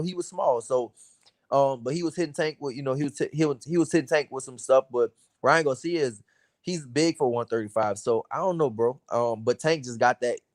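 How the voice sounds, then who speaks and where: A laid-back American man talks in a loose, slangy way, full of "you know what I'm saying". His voice sits at a middle pitch, and the sound is dry and close with no room around it. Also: a little mellow, no room sound. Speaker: boxer, interview guest. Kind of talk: casual chat.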